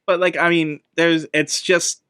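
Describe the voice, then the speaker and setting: A man's voice: on the high side, little pitch movement, unhurried, sharp tone, clear, resonant tone, dry recording, clean studio sound. A young man co-hosting a casual movie review podcast, teasing and questioning his partner. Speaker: podcast co-host.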